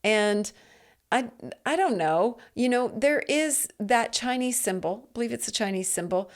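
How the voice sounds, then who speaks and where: A woman's voice: on the high side, animated, a little slow. A middle-aged woman hosting a solo motivational podcast, talking in an earnest, chatty way with frequent restarts and checks of "right?", wearing headphones. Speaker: podcast host. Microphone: headphones with a mic.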